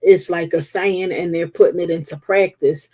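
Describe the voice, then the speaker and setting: A woman's voice: on the low side, steady tone, normal speed, darkish tone. A woman hosting a live stream and chatting casually, open and candid in a loose, conversational way. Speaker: host.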